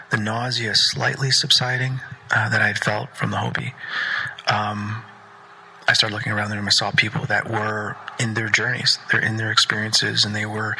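Podcast host, male, very raspy and sharp-edged tone, earnest monologue that slips into near-whispers. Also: fairly low pitch, rough recording. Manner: earnest, often drops into a breathy near-whisper. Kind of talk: personal storytelling monologue.

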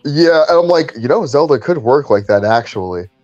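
A man co-hosting a casual podcast chat, animated and jokey, laughing often. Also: fairly high pitch, moderate pace, dry recording, lo-fi sound, soft background music. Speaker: podcast co-host.

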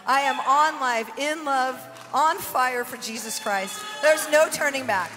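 A woman with a somewhat high voice giving a fervent testimony on stage, laughing and breathless as she speaks. Her voice rings through a large echoing hall while clear music plays behind her. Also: unhurried, bright, forceful tone. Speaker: testimony giver.

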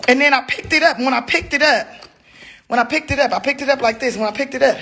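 A woman ranting into her phone camera in casual speech, swearing and breaking into high-pitched wails and shouts. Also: quick pace. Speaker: comedian venting on social media. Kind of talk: ranting selfie video.

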